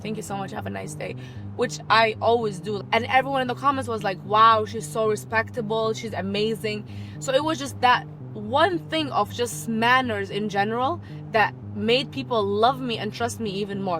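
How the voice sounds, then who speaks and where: A young woman giving casual business advice in a vlog, expressive and animated, talking from inside a car. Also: on the high side, background noise. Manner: animated, expressive, shifts into playful voices. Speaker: business coach and content creator.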